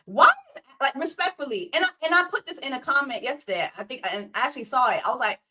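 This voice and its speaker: Brief: woman host, loud incredulous commentary with lots of swearing, sharp bright tone. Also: high-pitched, fast talker. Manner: animated, profane, incredulous rants. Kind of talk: casual reality-TV commentary livestream.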